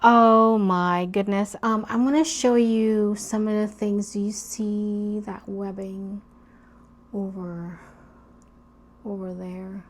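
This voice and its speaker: A woman vlogging about plant care, talking softly and slowly as she works, with worried asides. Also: medium pitch, level tone. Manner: slow, soft-spoken, worried asides. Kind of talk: casual narration while working.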